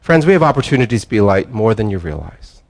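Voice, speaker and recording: An older man, a pastor giving a sermon in a relaxed, conversational storytelling way with frequent restarts. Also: fairly low pitch, fast.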